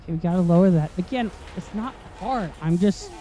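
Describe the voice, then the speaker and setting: A gameplay commentator whose voice is going hoarse, talking through a tricky puzzle and getting more frustrated, swearing and complaining at the game. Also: medium pitch, animated, fairly quick, mellow. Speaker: video game let's-play host.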